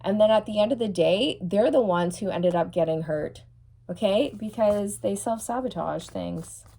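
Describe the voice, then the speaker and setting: A woman's voice: mid-range voice, normal speed, gravelly, dark tone. A woman giving a tarot reading in a blunt, mocking way, laughing often and checking in with "okay?". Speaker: tarot reader.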